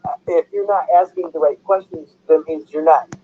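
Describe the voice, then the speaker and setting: Man, emphatic talker, somewhat high voice, tinny phone audio. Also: fairly even intonation, normal speed. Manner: emphatic, hammers his points. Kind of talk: casual livestream chat. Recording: tinny phone line with faint hiss.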